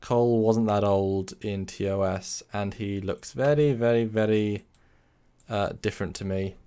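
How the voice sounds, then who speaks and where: A man's voice: fairly low pitch, fairly even intonation, a little slow, warm tone, clean tone. A man hosting a casual live stream, rambling, correcting himself and answering chat messages. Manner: rambling, self-correcting, reads chat aloud.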